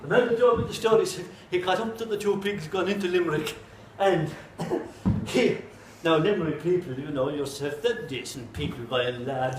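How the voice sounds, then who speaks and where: A man with an Irish accent telling a folk tale live in an animated way, full of comic asides. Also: sits high, moderate pace, few pauses, roomy sound, low-quality recording. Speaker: storyteller.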